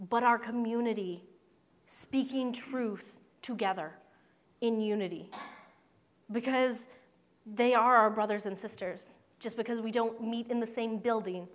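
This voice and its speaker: A woman's voice: on the high side, fairly bright tone. A woman pastor preaching a sermon in an earnest, conversational way with playful asides.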